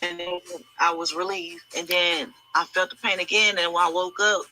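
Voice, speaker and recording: A woman speaking in a sharp, very bright tone, recounting painful memories in halting, broken phrases. She often stops and restarts mid-sentence, and the distress runs through everything she says. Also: lowish voice, fairly even intonation, soft background music, poor audio. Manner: halting, hesitant, many restarts. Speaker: alleged victim giving testimony. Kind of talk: emotional first-person account.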